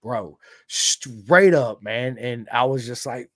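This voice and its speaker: A man's voice: medium pitch, takes it slowly, no room sound. Country-accented American man, podcast host, hyped-up storyteller, dry sound. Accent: American Southern country. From United States. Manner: excitable storyteller, swears freely, big swings in energy. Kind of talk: casual chat.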